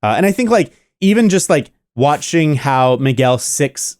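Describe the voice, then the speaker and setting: A man's voice: on the high side, sing-song, a little slow, a little mellow, smooth, no echo, clean studio sound. A man co-hosting a podcast, chatting casually and enthusiastically about a movie with lots of fillers. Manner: rambling, enthusiastic, many fillers. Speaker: podcast co-host. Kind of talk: casual movie review chat.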